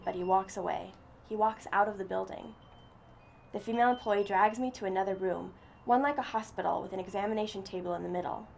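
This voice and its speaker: A woman reading a first-person story aloud in a steady, earnest way. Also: mid-range voice, creaky, a little hiss or hum. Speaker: story reader.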